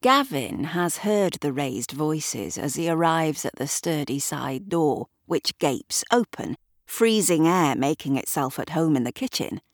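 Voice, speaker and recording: A woman reading a story aloud in a measured, wry storybook narration. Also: low voice, expressive, no room sound, studio quality. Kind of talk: scripted narration.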